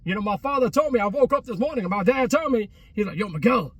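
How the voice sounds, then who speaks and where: A man's voice: very high voice, expressive, fast talker, slightly rough, dry recording, recorded from a distance. A man, vlogging outdoors at a closed restaurant in a rambling, slang-heavy way with many restarts. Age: 30s. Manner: repetitive, full of restarts and street slang. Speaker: travel vlogger. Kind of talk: rambling casual chat.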